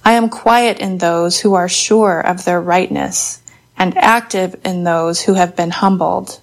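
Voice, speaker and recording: Woman reading a poem slowly. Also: lowish voice, steady tone. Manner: slow, measured and contemplative. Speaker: poetry reader. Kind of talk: poetry reading.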